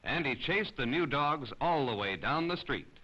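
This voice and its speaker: Brief: male storybook narrator, expressive, bright tone, lo-fi sound. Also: fairly high pitch, normal speed. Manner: expressive, animated. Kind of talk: children's storybook reading. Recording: slightly dull lo-fi recording.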